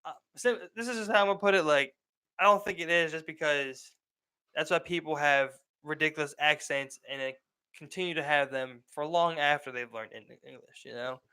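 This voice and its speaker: Bright, clear-voiced rambling male podcaster. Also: on the high side, moderate pace. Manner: rambling, full of "like" and restarts. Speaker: podcast co-host. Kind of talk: casual chat.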